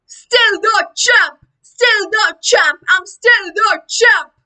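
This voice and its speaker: A woman voicing a tiny baby girl who booms slowly like a grown boxing champion. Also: recorded from a distance, full character voice. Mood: triumphant. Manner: booming, slow and shouted.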